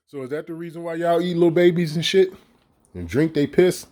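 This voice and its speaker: A middle-aged man with a slightly high voice rants in a loose, profane vlog. He mocks and fires off rhetorical questions, heated and blunt. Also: steady tone, fairly quick, mellow. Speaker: vlogger. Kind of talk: casual ranting commentary.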